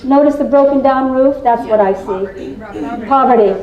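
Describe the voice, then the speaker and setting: Speaking at a moderate pace in a high voice, a keynote speaker in her sixties from Indiana tells stories to a live meeting-room audience with folksy, confiding playfulness and teasing asides. A distant mic picks her up in a roomy hall, and the high frequencies are cut off.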